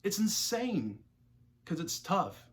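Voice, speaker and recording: A man's voice: high voice, sing-song, slow. A young man speaking to camera as a self-improvement creator, giving a casual motivational talk full of slang and repeated phrases.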